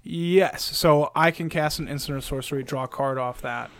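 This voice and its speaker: A man's voice: on the high side, moderate pace, fairly bright tone, no echo. A man co-hosting a casual card-game chat, dry and a little reluctant as he explains card rules. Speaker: podcast co-host.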